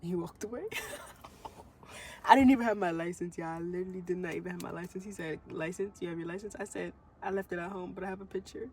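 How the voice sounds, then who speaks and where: A woman's voice: fairly low pitch, a little fast, darkish tone, slight background noise. A young woman vlogging casually to camera, slangy and rambling, tearful after crying for a long time. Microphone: phone camera.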